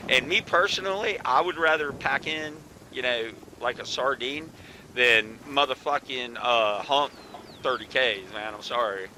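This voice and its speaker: A laid-back man hosting a gaming chat, swearing at every turn and calling everyone bro. His voice is strikingly bright and sharp. There is a faint hiss of noise under it. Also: medium pitch, a little slow, rough recording. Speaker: channel host, former soldier.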